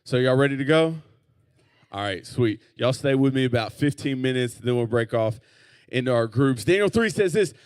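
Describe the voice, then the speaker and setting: A man, a youth pastor, teaching a Bible story to teenagers in a relaxed, conversational way and getting them to repeat words back. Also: medium pitch, normal speed, smooth, no echo. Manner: casual, leads call-and-response with the group. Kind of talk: youth group Bible lesson.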